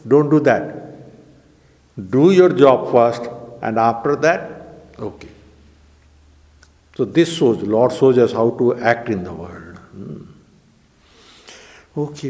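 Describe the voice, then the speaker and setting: A man's voice: medium pitch, dark tone, big-room sound. Man teaching scripture verse by verse. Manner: reads Sanskrit verses then explains word by word.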